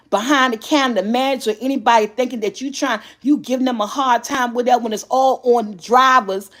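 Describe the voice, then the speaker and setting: A middle-aged woman vlogger telling a story in a casual chat, animated and often laughing. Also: fairly high pitch.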